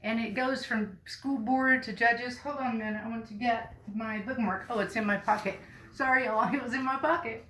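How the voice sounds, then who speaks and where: A woman tells a story straight to the camera, folksy and earnest, now and then breaking into loud emphasis. Her voice sits somewhat high and sounds bright and forceful. The room around her is echoey. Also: fairly even intonation, moderate pace. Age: 50s. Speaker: vlogger. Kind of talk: casual personal storytelling to camera.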